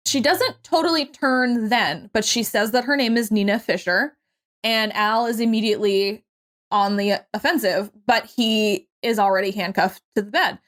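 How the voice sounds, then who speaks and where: A young adult woman co-hosting a podcast, casually recapping a movie with lively quoted voices and the odd swear word. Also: a little high, normal speed. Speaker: podcast co-host.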